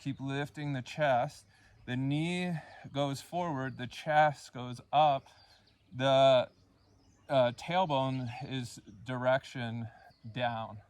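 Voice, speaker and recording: A man leading a yoga class, cueing poses and breaths in a calm, unhurried way and counting the holds. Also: mid-range voice, clean tone. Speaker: yoga instructor. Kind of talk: guided yoga class instruction.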